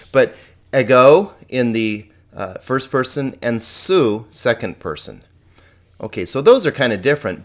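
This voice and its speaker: Man, teacher delivering a recorded lesson; friendly and patient, repeats forms, asks the class questions. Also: mid-range voice. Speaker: Greek teacher.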